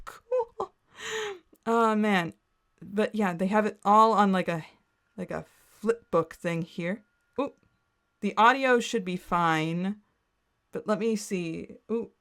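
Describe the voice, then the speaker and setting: Giggly, rambling young woman streamer. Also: medium pitch. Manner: excitable and rambling, many "like" fillers and giggles. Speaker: streamer reacting to content. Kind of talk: casual chat while screen-sharing.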